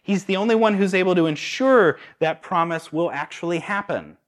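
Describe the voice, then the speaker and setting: A man's voice: high-pitched, normal speed. A man preaching a sermon, asking his listeners rhetorical questions. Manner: animated, asks the audience rhetorical questions.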